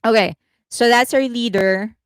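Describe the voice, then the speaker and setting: A woman hosting a casual entertainment news livestream, chatty and rambling, laughing often and thinking out loud. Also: on the high side, a little slow, no room sound.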